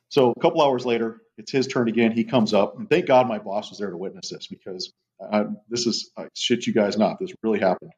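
Low-voiced man telling stories, muffled. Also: brisk, darkish tone. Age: middle-aged. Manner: rambling storyteller, casual profanity. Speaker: guest, police dog trainer. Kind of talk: casual podcast chat. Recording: muffled lo-fi audio.

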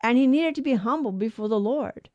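A woman with a fairly high voice hosts a radio Bible show and teaches on scripture. She speaks earnestly and emphatically and often restarts her phrases. The sound is close and dry, with no room around it. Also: brisk, dark tone, dry recording, dull audio.

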